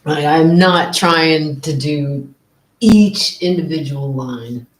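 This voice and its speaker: Slow-talking painter muttering in a roomy room. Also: mid-range voice. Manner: mutters to self, drops to soft whispers; repeats words as the brush moves. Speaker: live-stream painter. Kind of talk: casual narration while painting. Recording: roomy echo.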